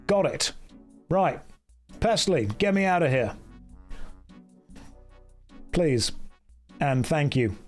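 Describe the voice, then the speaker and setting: A man's voice: on the high side, expressive, slow pace, long pauses. Man, game streamer, casual jokey rambling, reads game text aloud, faint music behind. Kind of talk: casual gameplay livestream chat.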